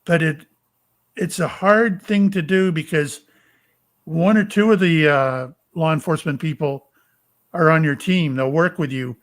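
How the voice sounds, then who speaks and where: In a relaxed storytelling interview, a retired police officer turned psychic medium, an older man from Florida, USA, rambles haltingly and leans on lots of fillers. He speaks with a slightly high voice.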